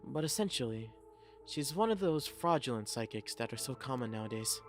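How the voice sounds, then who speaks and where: A man's voice: mid-range voice, lively intonation, a little fast, faint music behind. A man streaming a game playthrough, reading the dialogue aloud and cracking crude jokes in casual commentary.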